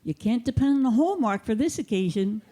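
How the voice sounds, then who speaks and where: Her pitch on the higher side and her pace brisk, a female comic works a theater stage with a handheld mic. She plays her material deadpan and mock-authoritative, with a little noise in the background.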